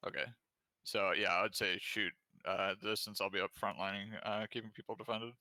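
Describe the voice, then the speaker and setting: A man's voice: fairly low pitch, a little fast, dry recording. A man playing a tabletop game over voice chat, laying out battle tactics for the group. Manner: plans tactics, lively. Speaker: player.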